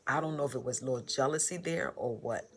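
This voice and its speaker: A woman telling her personal story in a vlog, halting and repeating phrases in a heartfelt way. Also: very deep voice, slight background noise. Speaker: motivational vlogger.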